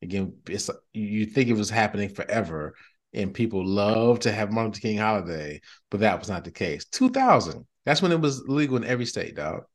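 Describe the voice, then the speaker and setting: A middle-aged man hosting a podcast in casual chat, animated and slangy, often laughing. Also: on the low side, fairly quick. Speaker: podcast host.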